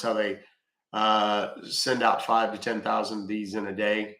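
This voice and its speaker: A man's voice: lowish voice, vocal fry, sharp tone, roomy sound. A man hosting a livestream who chats loosely and swears freely. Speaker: livestream host. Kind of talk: casual livestream chat.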